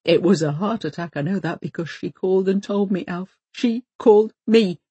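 A woman's voice: fairly low pitch, a little fast, dark tone, slightly rough, dry recording. A woman reading an audiobook voices a prim, fussy older wife who speaks in precise, insistent, formal phrases. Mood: hurt.

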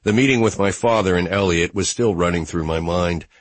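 A man narrating a first-person novel as an audiobook, in a wry, low-key manner. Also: fairly quick, no room sound.

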